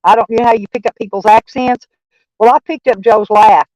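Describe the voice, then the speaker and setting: A woman's voice: on the high side, steady tone, fairly quick, darkish tone, no echo, rough recording. A woman with a Texan accent chatting casually on a live stream, rambling and swearing freely as she thanks viewers. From Texas. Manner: rambling, profane, folksy.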